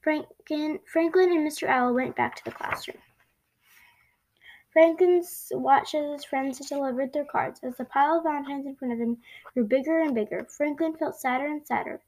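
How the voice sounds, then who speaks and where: Woman reading a children's book aloud, high voice, expressive, small slips. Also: moderate pace, low-quality recording. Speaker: storybook reader.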